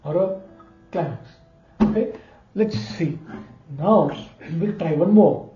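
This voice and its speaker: A man's voice: high voice, takes it slowly, slight background noise. A man giving a casual ear-training lesson, talking between notes and humming the intervals back. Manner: talks between played notes, hums and sings intervals back. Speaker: music teacher. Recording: roomy lo-fi recording under loud guitar.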